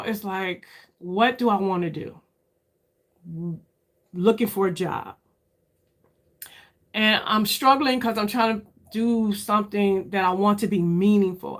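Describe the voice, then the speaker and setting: A woman's voice: medium pitch, unhurried, a bit bright. Candid woman in her fifties chatting. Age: 50s. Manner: candid, searching, talks straight to viewers with lots of "y'all". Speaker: YouTube beauty creator. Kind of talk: casual live chat with viewers.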